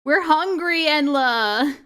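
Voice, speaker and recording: A woman's voice: high voice, lively intonation, slow, fairly bright tone. A woman streamer giving casual reaction commentary, laughing often and swearing freely.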